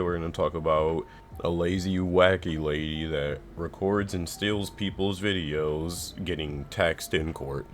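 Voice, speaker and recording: Very deep-voiced laid-back vlogger man. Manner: laid-back, slangy, rambling with fillers. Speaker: YouTube commentary host. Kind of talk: casual commentary vlog.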